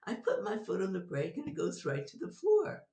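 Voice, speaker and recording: A woman guest, older, telling a personal story in an animated way, laughing often as she talks. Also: medium pitch, normal speed, vocal fry, recorded from a distance. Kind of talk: storytelling in an interview. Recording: roomy sound from off-mic.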